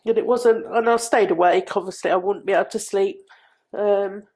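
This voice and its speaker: A middle-aged woman recounting a painful personal story as a podcast guest, halting and repeating herself. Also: medium pitch. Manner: halting, repeats phrases, quiet.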